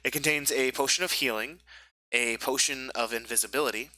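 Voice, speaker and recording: A man narrating as game master of a tabletop game, halting and full of fillers as he describes the scene. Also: medium pitch, pushed and bright, no echo, rough recording. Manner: halting, filler-heavy narration with self-corrections.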